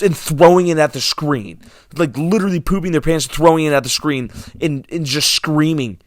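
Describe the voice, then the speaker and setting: Young man, fairly high voice, sarcastic rant, dry close sound. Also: dry recording. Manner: exasperated, sarcastic, swinging between mumbles and outbursts. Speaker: movie vlogger. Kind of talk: ranting casual monologue.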